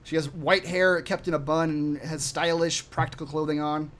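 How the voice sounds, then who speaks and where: A man runs a tabletop game as game master, narrating in a relaxed way with plenty of fillers. His voice sits a little higher than most men's. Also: moderate pace. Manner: relaxed, with frequent fillers and laughs.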